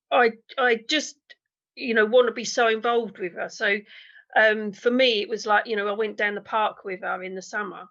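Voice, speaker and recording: Gravelly, bright-voiced chatty woman in her fifties. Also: fairly high pitch. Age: 50s. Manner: chatty, candid, self-deprecating, lots of fillers. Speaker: interview guest, diet consultant. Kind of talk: casual conversational interview over video call. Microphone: video call. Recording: dull lo-fi video call audio.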